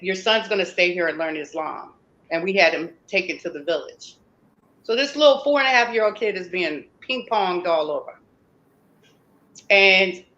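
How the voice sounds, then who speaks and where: Woman guest telling her story hard and emphatic, bright sharp voice, kinda muffled lo-fi sound. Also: lowish voice. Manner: emphatic, acts out quoted dialogue. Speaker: interview guest. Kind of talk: personal storytelling in an interview.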